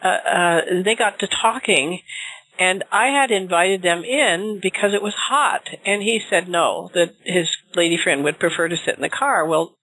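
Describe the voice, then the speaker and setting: A woman's voice: lowish voice, normal speed, fairly bright tone, no room sound, poor audio. A woman hosting an interview, chatty, telling a personal story and asking follow-up questions. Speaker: interview host. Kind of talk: interview conversation.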